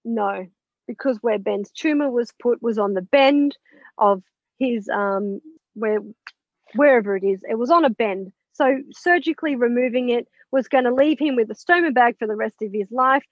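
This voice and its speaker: A woman with a voice on the high side talks at normal speed, interviewed as an author and mentor. She tells her story casually and animatedly, acting out what people said and swearing bluntly now and then. The lo-fi audio is dull and dry.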